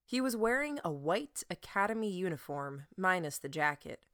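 A woman reading an audiobook chapter aloud in a measured way. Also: lowish voice, sing-song, a bit bright. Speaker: audiobook narrator. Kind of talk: audiobook narration.

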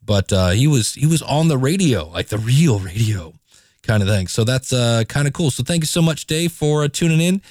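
A man hosting a solo podcast in a chatty, animated way, with an everyday mid-range voice. His voice sounds close and dry, with no room echo. He moves quickly between stories and advice. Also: medium pitch. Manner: chatty, animated, playful asides. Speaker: podcast host. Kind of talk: casual solo podcast talk.

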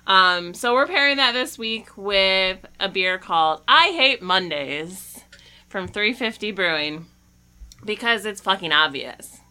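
A woman hosting a podcast in casual chat, chatty and quick to laugh, swearing casually. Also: medium pitch, sharp tone, clear, resonant tone. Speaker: podcast host.

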